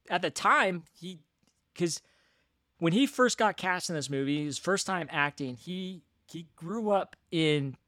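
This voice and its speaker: A chatty man with a slightly high voice, co-hosting a casual movie podcast. He talks fast and laughs easily, recorded dry and close with no room sound. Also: a bit bright, no echo. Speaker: podcast co-host.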